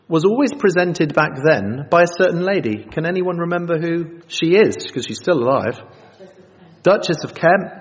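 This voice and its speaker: A lively preacher in his fifties whose pitch swings widely as he tells self-mocking stories. His voice sits a little higher than most men's. The recording is dull and muffled, with long echo from a big hall. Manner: animated, self-mocking storytelling. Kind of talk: sermon. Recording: dull sound in a reverberant hall.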